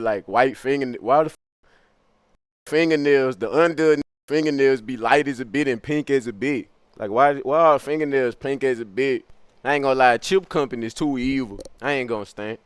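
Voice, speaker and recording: A young man streaming, rambling through profane comic musings in an animated, thinking-out-loud way. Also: mid-range voice, no echo, studio quality.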